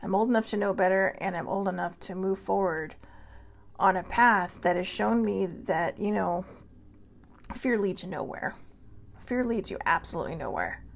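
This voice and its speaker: Middle-aged lady host, kinda gravelly, rambling earnest pep talk, pokes fun at herself. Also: medium pitch, normal speed. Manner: earnest, rambling, self-deprecating. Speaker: host of a self-help talk show. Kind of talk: casual motivational monologue.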